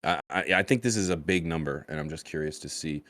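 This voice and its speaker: Laid-back dude cohosting a podcast, really low voice, dry close mic, trips over his words a lot. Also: fast talker, fairly bright tone, dry recording. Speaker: podcast co-host. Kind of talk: casual chat.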